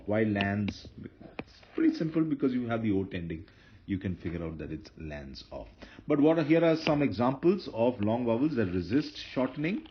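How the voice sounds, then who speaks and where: Male teacher, low voice, patient lecturing tone, muffled recording with light background noise. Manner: patient, repeats and corrects himself. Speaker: Hebrew grammar teacher. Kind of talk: lecture explaining grammar.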